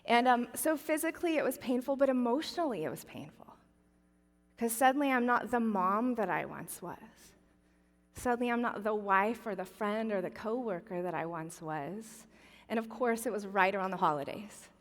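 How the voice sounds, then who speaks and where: A woman's voice: mid-range voice, animated, normal speed, big-room sound. A woman in her forties gives a church Christmas talk as a chatty, self-deprecating comic storyteller. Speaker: guest speaker at a church Christmas event. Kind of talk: humorous personal storytelling message. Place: large church auditorium.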